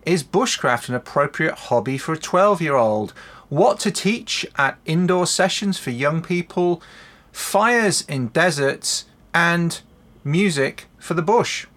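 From his home office, a man hosts a show answering viewer questions, talking solo in a casual, chatty way full of ums and self-corrections. His voice is a little high, fairly bright and expressive, and slow.

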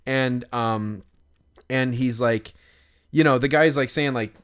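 A man's voice: mid-range voice, takes it slowly, clear, resonant tone. A man co-hosting a podcast, telling a story in casual chat, rambling with many fillers and restarts. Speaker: podcast co-host.

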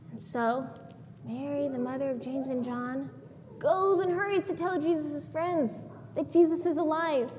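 High-voiced woman giving a children's sermon. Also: a little slow, long reverb tail, a little hiss or hum. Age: adult. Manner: animated, asks the children questions. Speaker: children's minister. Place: church sanctuary.

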